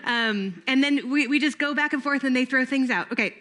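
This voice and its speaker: A woman's voice: high voice, a little fast, a bit bright. A middle-aged woman giving a playful camp training talk to volunteers, laughing often and breaking into made-up jingles.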